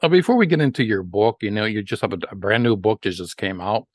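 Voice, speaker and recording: A man hosting a podcast interview, hoarse and losing his voice, talking in a halting way and repeating words. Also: on the low side, big pitch swings, no room sound, studio quality. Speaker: podcast host.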